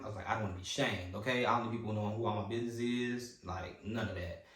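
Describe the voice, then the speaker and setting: A man's voice: on the low side, fairly quick. A man in his twenties telling a personal story on a podcast, candid and acting out his past thoughts and what others said. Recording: roomy echo.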